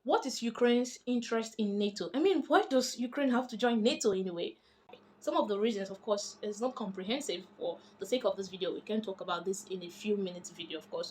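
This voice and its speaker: A woman's voice: mid-range voice, a little hiss or hum. A woman, chatty and emphatic, explaining international politics in a casual vlog. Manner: chatty and emphatic, animated when making points.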